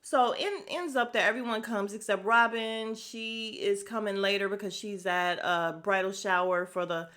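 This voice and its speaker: A woman hosting a podcast, recapping a reality show in a casual, animated and profane way, often laughing, speaking into a podcast microphone. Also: medium pitch, moderate pace, few pauses. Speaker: podcast host.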